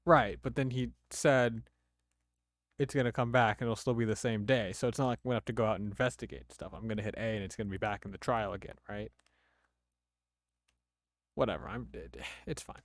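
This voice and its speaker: Relaxed man streamer chatting with viewers. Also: fairly low pitch, a little fast, dry recording, clean studio sound. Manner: relaxed, thinking aloud, asks chat questions. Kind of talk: casual gameplay chat with viewers.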